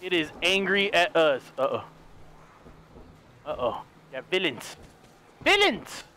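Male gaming host, high lively voice, excitable commentary over noisy game sounds. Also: slow pace. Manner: excitable, yelps and talks to enemies. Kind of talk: casual gameplay commentary. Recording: voice over loud game audio. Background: game sound effects.

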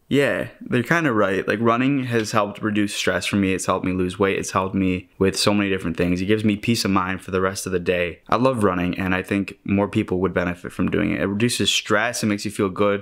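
Young guy from michigan vlogging, lowish voice, chatty and self-deprecating, laughs a lot. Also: fairly bright tone. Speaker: vlogger and actor. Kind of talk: casual vlog chat to camera.

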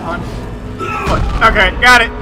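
A man commenting on his first playthrough of a horror game, excitable, yelping and swearing whenever something startles him. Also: high-pitched, measured pace. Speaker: let's play gamer. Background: game music and sound effects.

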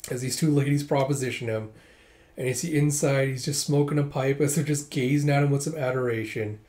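A man talks his way through a manga volume in a relaxed, casual way, describing what happens in each panel. He slips into the characters' lines as he goes, with short asides in between. His voice sits at an ordinary middle pitch. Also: fairly quick. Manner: reads panels aloud, voicing characters lightly with "it's like" asides. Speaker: manga reader. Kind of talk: casual manga readthrough narration.

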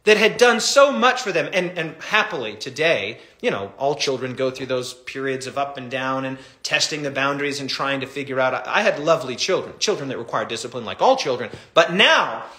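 A middle-aged man, a pastor, teaching a Bible study in an animated, impassioned way. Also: medium pitch, fairly quick, hardly any pauses, reverberant.

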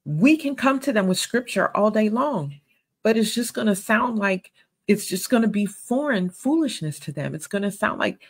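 Husky, earnest woman teaching the Bible. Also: mid-range voice, expressive, normal speed, poor audio. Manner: earnest, conversational, emphatic. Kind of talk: sermon-style Bible teaching.

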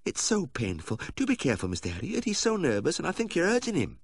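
A man's voice: a little high, huge pitch swings, fast, creaky, breathy edge, no room sound, clean studio sound, pitched above the performer's own voice, exaggerated voice. A man doing a fussy, fretting lady dog owner. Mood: fretful. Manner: fretful, fussing.

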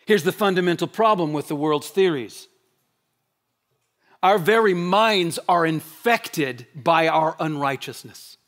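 A man's voice: animated, unhurried. Preacher man with a raised, emphatic delivery. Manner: emphatic repeated rhetorical questions; shifts between loud proclaiming and low quiet stretches. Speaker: pastor. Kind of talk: sermon.

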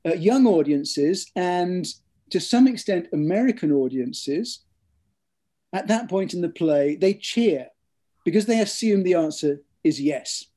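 A man, an author, answering interview questions in a measured, storytelling way, with frequent ums and repeated words. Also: sits high, animated, mellow. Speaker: author interviewed about his books. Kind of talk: thoughtful interview conversation.

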